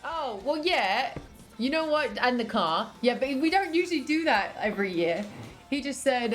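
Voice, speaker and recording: A woman from England with an English accent, chatting casually with her stream chat in quick asides. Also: high voice, big pitch swings, soft background music.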